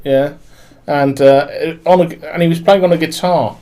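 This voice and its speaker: A man with a somewhat high voice for a man, co-hosting a casual live-streamed chat. He talks in a chatty, upbeat way and welcomes viewers from the comments. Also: steady tone, moderate pace, warm tone. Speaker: podcast co-host.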